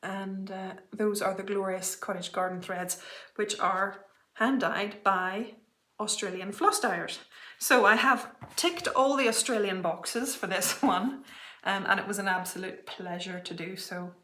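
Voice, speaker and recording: A woman's voice: mid-range voice, unhurried, sharp tone, echoey room. A woman hosting her cross-stitch show, chatting casually about her projects with frequent little laughs and apologetic asides. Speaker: flosstube host. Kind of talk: casual show-and-tell chat.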